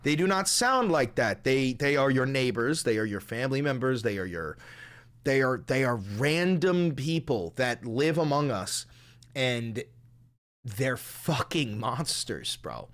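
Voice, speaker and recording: A man's voice: mid-range voice, expressive, a little slow. Brief: male streamer, mid-range voice, blunt profane rants to his chat. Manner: blunt, swearing, conspiratorial rants. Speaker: streamer reacting to a clip. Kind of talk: profane live-stream commentary.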